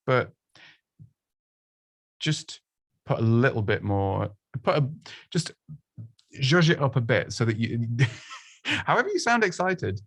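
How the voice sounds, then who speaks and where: A man's voice: medium pitch, big pitch swings, unhurried, long pauses, dry recording. A man giving casual, chatty presenting advice, self-deprecating and full of restarts and little laughs. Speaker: presenting coach.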